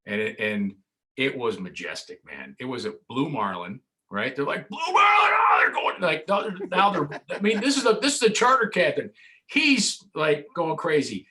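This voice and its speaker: A man tells stories with real animation, his voice bright and forward. He slips into the voices of the people in his anecdotes. He speaks from a home studio over a remote call. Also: mid-range voice, moderate pace. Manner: lively, acts out voices in anecdotes. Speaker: podcast guest, sports broadcaster. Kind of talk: animated storytelling in casual chat.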